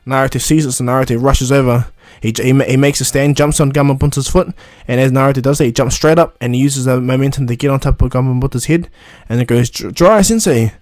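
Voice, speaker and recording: A man's voice: mid-range voice, flat delivery, fast talker, few pauses, a little mellow, no echo, studio quality. A man retelling a fan story casually, rambling with many fillers and restarts.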